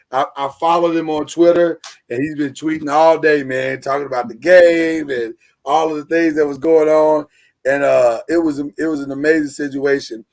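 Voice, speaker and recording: Energetic man hosting a sports show. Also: a little high. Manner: energetic, joking, loose with fillers. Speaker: host. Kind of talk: live sports talk show.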